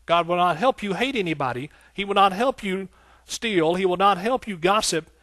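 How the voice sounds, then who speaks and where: A man's voice: high voice, animated, moderate pace, bright, forceful tone, no echo. A man preaching a sermon, fervent and rhythmic, repeating phrases, calling out hallelujah and talking folksily to the congregation. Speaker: pastor.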